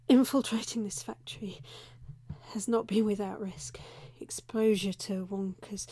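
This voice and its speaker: A woman playing a flustered young undercover reporter in a whispered role-play, breathy and frantic, who keeps scolding herself and blurting curses. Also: a little high, darkish tone, dry recording, full character voice.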